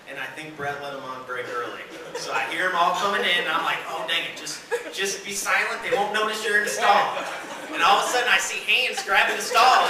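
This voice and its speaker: Guy doing standup at a work dinner, high voice, super echoey room, recorded from way back. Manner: animated, acts out exasperated shouted quotes. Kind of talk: stand-up storytelling. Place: dinner hall. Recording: echoey room from far off with noise.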